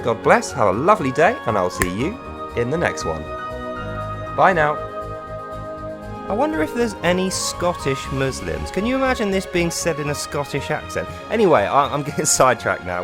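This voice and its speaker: A man hosting a comedic commentary monologue in a mocking, storytelling way. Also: fairly high pitch. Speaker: host.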